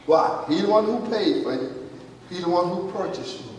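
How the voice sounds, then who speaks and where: A pastor preaches emphatically yet conversationally, calling out to his congregation in a high, expressive voice of darkish tone at normal speed. The recording is from a distant mic in an echoey hall with faint noise.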